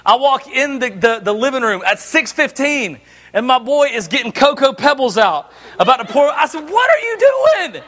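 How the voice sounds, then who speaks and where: Bright, high-voiced joking preacher. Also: male voice, moderate pace. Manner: animated, joking storyteller. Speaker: pastor. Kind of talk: sermon.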